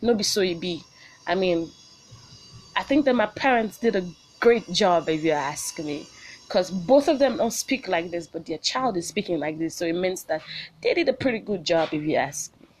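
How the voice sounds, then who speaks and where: A woman's voice: fairly low pitch, lively intonation, normal speed. Bubbly Nigerian woman podcaster. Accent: Nigerian English. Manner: bubbly, chatty, slips into pidgin. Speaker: podcast host. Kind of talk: solo motivational podcast chat. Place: small home. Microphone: phone.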